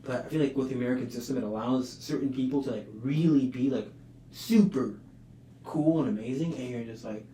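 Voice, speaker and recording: A young man hosting a podcast in casual chat, relaxed and filler-heavy. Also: medium pitch, a little fast. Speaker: podcast host. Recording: roomy and distant with faint noise.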